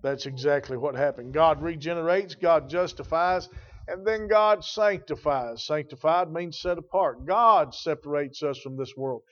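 A man's voice: fairly high pitch, unhurried, a bit bright, muffled recording. A man preaching a sermon in a folksy, emphatic way, his intensity rising and falling. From rural.

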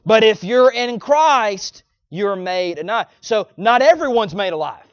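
A man's voice: sits high, animated, a little slow, no room sound. A man preaching a sermon in a folksy, emphatic style, with sarcastic asides to his congregation, on a dull lo-fi recording.

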